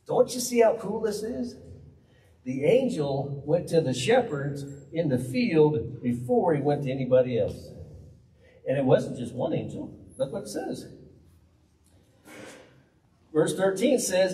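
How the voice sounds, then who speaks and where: A man's voice: high-pitched, slow pace, long pauses. A man preaching a folksy, humorous storytelling sermon in a church. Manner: animated, humorous, conversational. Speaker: pastor. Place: church hall. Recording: roomy hall, distant mic.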